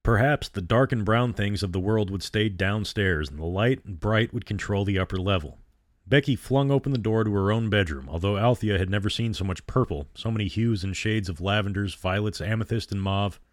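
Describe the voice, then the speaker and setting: Low-voiced man narrating a spooky story. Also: fairly quick, dry recording, studio quality. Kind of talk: scripted narration of a horror story.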